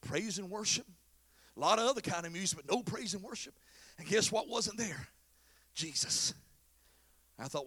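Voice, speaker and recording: A man pastor preaching a sermon, swinging between shouted exhortation and quiet, confiding storytelling. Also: high-pitched, brisk, no room sound.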